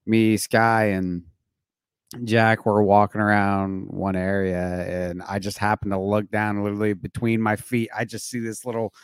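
An enthusiastic man from South Carolina, co-hosting a podcast in casual chat. His voice sits at a medium pitch, and he gets excited easily, throwing in "dude" and "man" as he talks. The sound is close and dry. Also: moderate pace, clean tone, dry recording. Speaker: podcast co-host.

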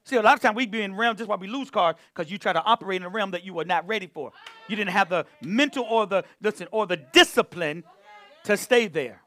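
A man's voice: high voice, fairly quick, a bit bright. A man preaching a sermon to a church, repeating phrases and calling on the congregation to answer back. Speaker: pastor.

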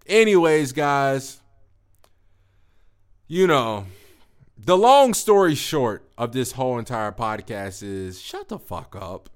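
A young adult man hosting a podcast, telling a profane, slangy story in a casual, animated monologue. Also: mid-range voice, clean tone. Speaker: podcast host.

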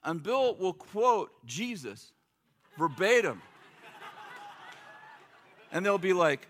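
A man's voice: high-pitched, big pitch swings, slow pace, pauses often, a bit bright. A middle-aged man preaching a sermon in a loose, joking, conversational way, acting out quotes. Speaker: pastor.

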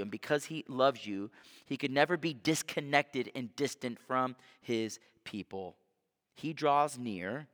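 Male pastor preaching in a church, bright voice, long hall echo, goes soft then animated. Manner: earnest preaching, drops low and soft on key words, rises animated when voicing Moses. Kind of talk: sermon.

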